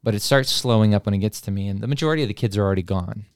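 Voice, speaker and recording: A man with a somewhat low, smooth voice tells a story in a relaxed, casual way. He chuckles as he goes, and the recording is dry and close with no room sound. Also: very fast, no room sound. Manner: relaxed, chuckles through his own story.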